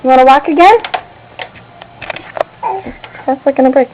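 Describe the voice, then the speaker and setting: A woman's voice: high-pitched, very animated, slow, pauses often, darkish tone, a little hiss or hum, rough recording. A mother talking to her baby in a home video, coaxing in sing-song baby talk with gasps. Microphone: home video camera.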